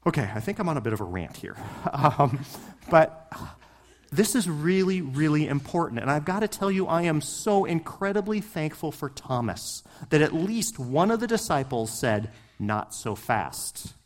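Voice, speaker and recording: Guy preaching a sermon, slightly high voice, real lively, talks right to the crowd with lots of questions. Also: moderate pace. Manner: passionate, rising and falling emphasis; conversational, asks the listeners questions. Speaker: pastor.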